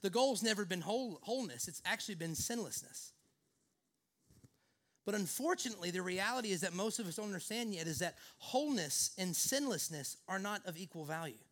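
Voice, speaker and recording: A man's voice: high-pitched, animated, brisk, fairly bright tone. A male pastor preaching a sermon in an earnest way, leaning often on the word "actually".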